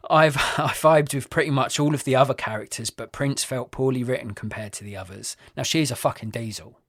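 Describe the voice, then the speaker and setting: Man, podcast host, opinionated, sweary, mid pitch, dry close sound. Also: a little fast, a bit bright, dry recording. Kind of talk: casual film review chat.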